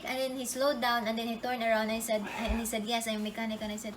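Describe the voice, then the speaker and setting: A woman telling a travel story in a casual, animated way, often restarting her sentences. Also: a little high, rapid-fire, slight background noise. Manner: animated, restarting sentences, acts out quotes loudly. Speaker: co-host.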